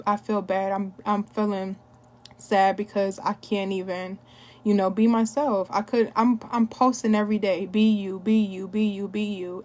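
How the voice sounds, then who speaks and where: A young adult woman recording a candid personal testimony at home, telling her story with repetition and talk of prayer. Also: mid-range voice. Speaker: wellness product seller.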